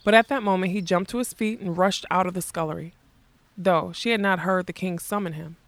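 A woman reading a fantasy storybook aloud in a measured, expressive narration style. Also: lowish voice, dry recording. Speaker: audiobook narrator.

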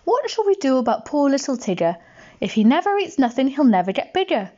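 A woman voicing a gentle, dreamy, slow-witted male toy bear in a storybook reading, in a soft, earnest, musing way. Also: sits high, very animated, highs cut off, voice pushed up.

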